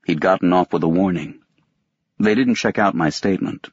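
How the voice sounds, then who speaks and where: A man reading a novel aloud as an audiobook narrator, in a measured, detached first-person telling. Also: low-pitched, breathy edge, dry recording, muffled recording. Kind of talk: scripted narration.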